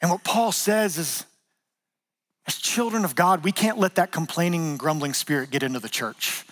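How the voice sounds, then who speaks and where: A man in his thirties preaching a sermon as pastor, conversational and animated, acting out quotes and joking with the congregation. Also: on the high side, normal speed.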